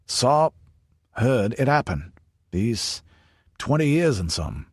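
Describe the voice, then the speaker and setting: A man's voice: mid-range voice, big pitch swings, takes it slowly, slightly rough, no echo, pitched above the performer's own voice, heavily acted. A man voicing an older veteran soldier, dry and derisive.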